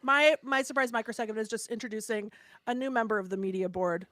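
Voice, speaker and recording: Relaxed, chatty woman podcast co-host. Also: on the high side, fast talker. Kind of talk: casual chat.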